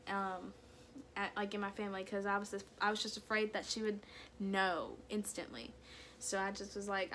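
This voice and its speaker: A woman's voice: mid-range voice, a little hiss or hum. Young woman telling a candid personal story. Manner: casual, full of "like" and "kinda" fillers; candid, soft-spoken about hard memories. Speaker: vlogger.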